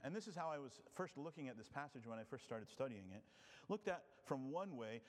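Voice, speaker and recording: A male preacher delivers an expository sermon in a voice of ordinary middle pitch. He talks earnestly and rhetorically, letting his voice sink quietly on key words. The sound carries a long reverb, as in a church sanctuary. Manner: earnest, rhetorical, drops soft for emphasis.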